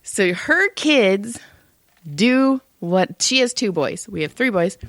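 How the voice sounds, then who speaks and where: Female podcast co-host, middle-aged, animated profane storyteller, medium pitch, dry recording. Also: slow pace, dry recording. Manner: animated, profane storyteller who acts out voices. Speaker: podcast co-host, massage therapist. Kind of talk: casual chat.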